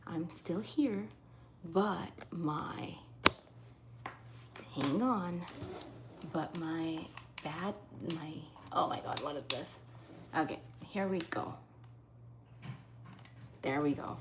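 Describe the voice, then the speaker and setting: A woman chats her way through a live makeup session, her fairly low voice carrying a gravelly edge. She keeps slipping into soft half-whispers, with a faint hiss of background noise underneath. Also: a little slow. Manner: chatty, often dropping into soft half-whispers. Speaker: livestreaming makeup host. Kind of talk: casual live makeup chat, reading comments. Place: at home in Saskatchewan.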